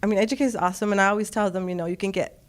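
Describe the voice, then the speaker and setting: A woman's voice: medium pitch, steady tone, very fast. Middle-aged woman, storyteller, emotional, laughs a lot. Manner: emotional, laughs often, quotes others. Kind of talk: personal story told on stage.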